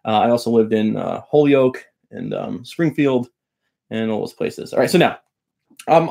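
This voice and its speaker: A man's voice: a little high, darkish tone, slightly rough. A middle-aged man from Long Island, a guitar teacher chatting casually with viewers on a live stream, joking and greeting people by name. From Long Island, New York.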